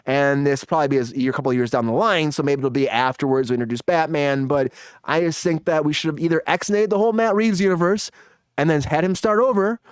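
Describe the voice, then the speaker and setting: A man's voice: on the high side, brisk, clear, resonant tone, dry recording. A man hosting a live entertainment news show, speculating with enthusiasm in casual chat.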